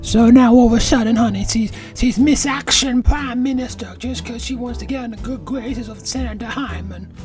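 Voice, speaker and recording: A woman's voice: on the high side, moderate pace, hardly any pauses, a little mellow, natural voice. A woman voicing a blunt, cheeky nanny who calls everyone honey, with faint guitar music behind her. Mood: sassy.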